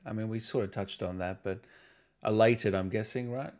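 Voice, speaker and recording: A man's voice: lowish voice, moderate pace. A man hosting an interview in an easygoing, agreeable way, asking questions and reading viewer messages. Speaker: podcast host. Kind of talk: casual interview.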